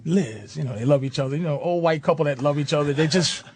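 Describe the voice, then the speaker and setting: A man telling a long story in casual radio chat, animated and profane, often laughing as he talks. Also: a little high, fast talker, slight background noise. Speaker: radio show guest storyteller.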